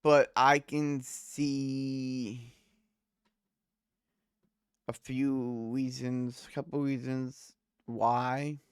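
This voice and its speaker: Chill guy reacting to a video, slow talker, smooth clean voice, rambles and corrects himself. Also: mid-range voice, flat delivery, dry recording, clean studio sound. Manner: rambling, self-correcting, laid-back. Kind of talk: casual reaction commentary.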